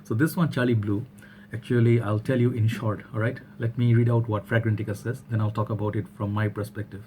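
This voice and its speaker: Chatty low-voiced man. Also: little pitch movement, fairly quick, warm tone, slight background noise. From Bangladesh. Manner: chatty and rambling, often checks in with "all right?". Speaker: fragrance reviewer. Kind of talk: casual product review vlog.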